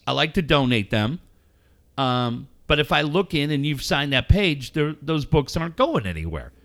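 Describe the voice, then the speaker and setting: A middle-aged man telling animated family stories in casual chat, swearing and acting out quotes loudly. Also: fairly high pitch. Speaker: podcast co-host.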